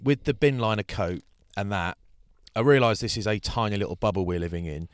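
A man co-hosting a casual chat, telling anecdotes in an animated way and mimicking other people. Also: on the low side, a little fast, clean tone, no room sound, studio quality. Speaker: podcast co-host.

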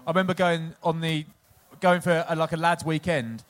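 A man's voice: a little high, flat delivery, normal speed. Chatty man telling rambling stories. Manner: chatty, rambling storyteller, laughs at own stories. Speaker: podcast co-host, former rugby player. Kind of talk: casual anecdote-telling before a live audience.

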